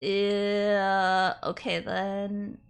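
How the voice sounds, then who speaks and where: A young woman with a Canadian accent chats casually on a stream, telling stories in a giggly, animated way. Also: mid-range voice, very slow, clear, resonant tone. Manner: giggly, chatty, animated storytelling. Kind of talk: casual chat.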